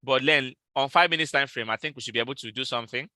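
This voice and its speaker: A man with a very bright, sharp-edged voice hosts a live trading session. He repeats each call and spells out numbers slowly, and the sound is dry and close to the mic. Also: mid-range voice, no echo. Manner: repetitive, calls out trade levels slowly and repeats them. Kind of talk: live market analysis stream.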